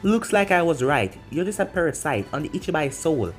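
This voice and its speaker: A man's voice: on the high side, sing-song, brisk. A man voicing a cocky young male ninja hero in a fan-made audio story, talking in a smug, taunting way over faint music.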